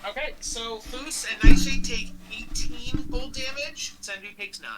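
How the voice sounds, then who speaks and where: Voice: medium pitch, unhurried, crowd noise, rough recording. A casual, chatty game master running a tabletop game, laughing easily and correcting themselves mid-sentence.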